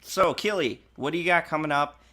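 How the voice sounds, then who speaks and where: A man hosting a casual livestream chat, reading headlines haltingly and laughing often. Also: on the high side, a loud crowd. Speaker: livestream host.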